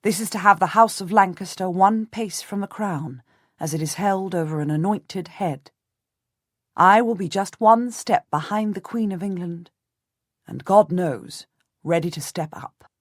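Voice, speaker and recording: Audiobook narrator, woman, first-person historical read; measured and composed, lowish voice. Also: dry recording, clean studio sound.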